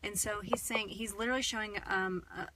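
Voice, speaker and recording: A woman channeling in a casual live-stream talk from inside a car, sounding tired with a slightly hoarse throat and chatting with lots of fillers and soft laughs. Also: medium pitch, steady tone, brisk, noisy background. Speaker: spiritual channeler.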